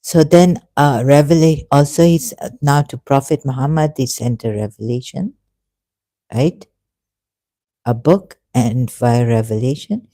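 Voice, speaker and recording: In a dry recording, a religious video commentator with a dark, medium-pitched voice speaks to camera in an emotional monologue. His manner is earnest and pleading, halting with frequent restarts and fillers.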